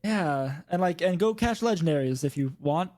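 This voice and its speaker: Rambling young man, higher-voiced co-host. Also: moderate pace. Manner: rambling, animated, slips into mock voices. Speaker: podcast co-host. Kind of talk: casual chat about video games.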